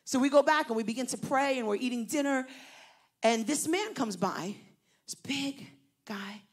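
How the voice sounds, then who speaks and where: Brief: animated woman preacher, somewhat high and husky, building to loud emphasis. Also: normal speed. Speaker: pastor. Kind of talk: sermon storytelling.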